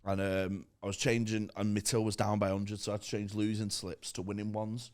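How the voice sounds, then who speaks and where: A man, co-hosting a comedy podcast with teasing, quick-witted banter and sweary stories. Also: on the low side, level tone, darkish tone. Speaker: podcast co-host. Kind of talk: casual podcast chat.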